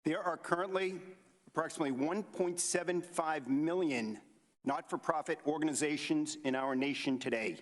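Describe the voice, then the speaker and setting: A man opens a hearing with a formal statement, reading steadily from prepared remarks. His voice sits a little above the usual male range. The room adds a long, hanging reverb. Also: fairly high pitch. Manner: measured, reads from prepared remarks. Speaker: committee member chairing a hearing.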